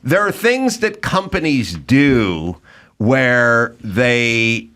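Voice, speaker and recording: A man's voice: medium pitch, very animated, very slow, fairly bright tone. A middle-aged man hosting a podcast, chatting casually and arguing his opinions through stories. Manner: opinionated, argumentative storytelling. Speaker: podcast host. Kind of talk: casual chat.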